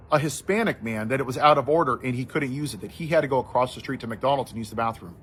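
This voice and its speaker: A husky man speaks straight to the listener in a passionate commentary. He tells a story in an everyday way, acting out the other people's lines, then builds to forceful outrage. His voice sits at a middle pitch with a slightly rough, breathy edge. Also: expressive, very fast, few pauses. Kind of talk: impassioned social commentary.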